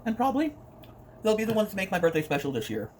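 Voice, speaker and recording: A man's voice: sits high, very animated, racing, slight background noise. Playful man chatting while eating. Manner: playful, sings and hums between bites. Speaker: mukbang vlogger. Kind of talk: casual eating vlog talk.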